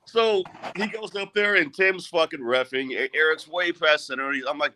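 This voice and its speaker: A man's voice: on the high side, normal speed, few pauses, pushed and bright. A middle-aged man, an arm wrestler, speaking bluntly and with a lot of swearing in a heated live-stream rant. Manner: profane, blunt and agitated.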